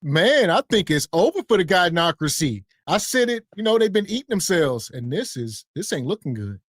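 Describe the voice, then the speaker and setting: A man's voice: sits high, very animated, moderate pace, a bit bright, no room sound, studio quality. A man hosting a podcast, wryly commenting on clips in casual talk. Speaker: podcast host.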